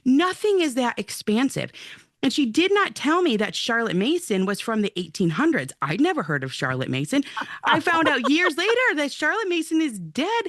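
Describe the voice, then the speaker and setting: A woman's voice: high-pitched, moderate pace, dry recording. Dry-sounding earnest woman storyteller. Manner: lively, earnest storytelling with acted-out quotes. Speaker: guest, mother and outdoor-play advocate. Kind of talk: telling a personal story in an interview.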